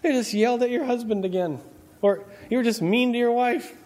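A man's voice: extremely high pitch, a little fast, a little mellow, voice pushed up. A man voicing the devil as a sneering male figure who fires accusing questions. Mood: taunting.

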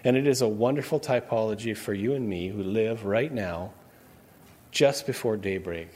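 A man's voice: on the low side, a little fast, dark tone, breathy edge. A man preaching a sermon in a conversational way, quizzing his congregation with questions as he goes. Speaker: pastor.

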